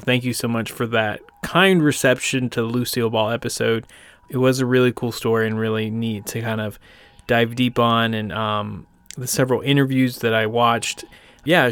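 A man's voice: medium pitch, clean tone, no echo. Rambling male podcast host, dry sound. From United States. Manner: rambling, self-joking, many fillers. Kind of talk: casual podcast chat.

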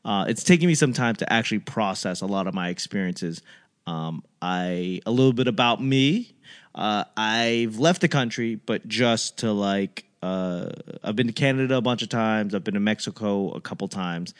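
A man's voice: on the low side, normal speed. Rambling man telling stories. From Boston, USA. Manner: rambling, self-deprecating, loses his train of thought. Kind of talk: casual comedic monologue.

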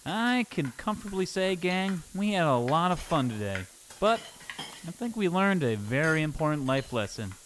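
A man's voice: fairly high pitch, big pitch swings, normal speed, fairly bright tone, slight background noise. A man playing an overdramatic fencer father in a comedy sketch, lurching from stern lecturing to sobbing apologies. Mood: cheerful. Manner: melodramatic, swings from stern to sobbing. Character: doting overdramatic fencer father, middle-aged.

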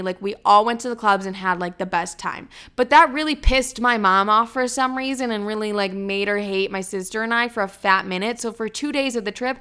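A woman in her early twenties, with a bright, forceful mid-range voice and a clean tone, hosts a casual solo podcast. She is chatty and blunt, swears freely, and fills her talk with "like."

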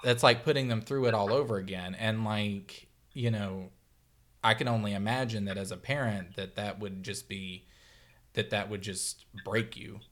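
A man's voice: on the low side, steady tone, normal speed. A man co-hosting a podcast in casual chat, rambling and searching for his words. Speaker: podcast co-host.

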